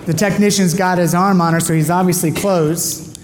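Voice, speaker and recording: A middle-aged man giving an animated storytelling testimony, his voice leaping up with excitement as he acts out dialogue. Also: high voice, moderate pace, noisy background. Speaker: speaker giving a personal testimony.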